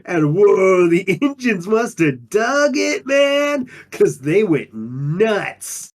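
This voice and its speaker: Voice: mid-range voice, big pitch swings, drawn-out words, full character voice. A performer playing a laid-back undine monk who talks in drawling surfer slang, in an improvised in-character interview. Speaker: player character.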